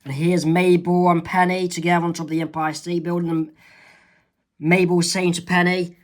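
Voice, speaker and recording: A man's voice: sits high, little pitch movement. A man reading aloud and explaining his own comic strip, panel by panel. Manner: slow, halting, with restarts. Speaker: comic artist narrating his comic. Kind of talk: casual comic read-aloud.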